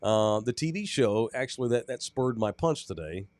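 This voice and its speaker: A man's voice: on the low side, lively intonation, normal speed, a little mellow, no room sound. A man co-hosting a sports podcast, ranting casually with lots of profanity. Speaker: podcast co-host.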